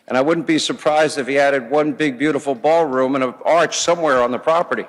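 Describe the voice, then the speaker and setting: A man's voice: mid-range voice, brisk. Man giving a eulogy in a reverberant hall. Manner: earnest, flattering. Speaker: funeral speaker. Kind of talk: formal eulogy speech. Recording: long reverb of a big hall.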